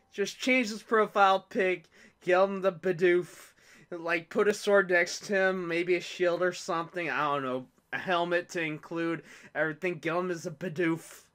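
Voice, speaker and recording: A man's voice: sits high, fairly bright tone. A young man giving casual, rambling, self-mocking commentary while playing a video game. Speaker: let's play host.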